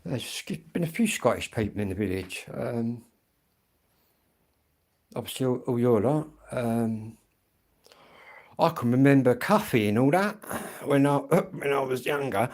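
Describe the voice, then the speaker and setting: A man's voice: mid-range voice, expressive, measured pace, long pauses, a little mellow. A middle-aged man from England, rambling bluntly in a casual livestream chat and swearing freely.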